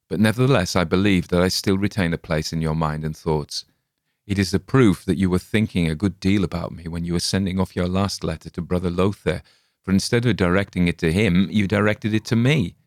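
Give me a low-voiced male audiobook narrator, steady and dramatic. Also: brisk, no room sound, studio quality. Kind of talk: scripted narration.

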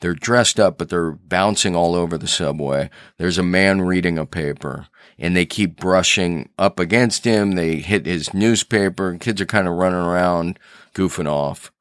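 A man's voice: low voice, moderate pace, clean tone, no room sound, clean studio sound. A man hosting a solo podcast as an author, telling stories earnestly and thinking aloud with restarts. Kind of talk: reflective solo podcast talk.

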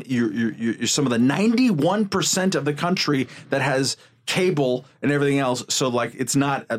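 A man co-hosting a political podcast, talking casually in an animated, profane way, rambling with fillers. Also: medium pitch. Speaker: podcast co-host.

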